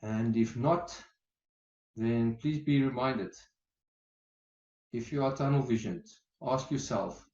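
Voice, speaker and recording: A male hypnotherapist, giving an animated coaching talk to an online group and peppering it with "okay". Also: medium pitch, slow, pauses often, roomy sound, lo-fi sound.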